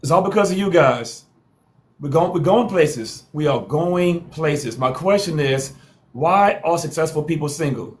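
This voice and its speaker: A man's voice: fairly high pitch, expressive, unhurried. Hyped man hosting a live stream. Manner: repetitive hype calls, playful trash talk. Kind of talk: TikTok live hosting, hyping viewers.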